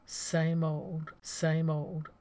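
A woman's voice: sits low, little pitch movement, very slow, warm tone, heavily acted. A woman reading a blunt, terse frontiersman. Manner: blunt, few words. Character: terse, practical male frontier tracker.

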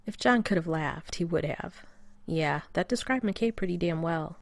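A woman reading a story aloud as narrator, with steady, wry storytelling. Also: fairly low pitch, moderate pace, dry recording. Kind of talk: audiobook reading of fan fiction.

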